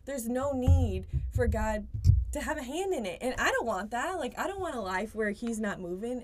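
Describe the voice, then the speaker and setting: Young woman guest, earnest, chatty faith talk, mid-pitched voice, says "like" a lot. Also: a little mellow, a little hiss or hum. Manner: earnest, lots of "like" fillers. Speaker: podcast guest. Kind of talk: casual faith conversation.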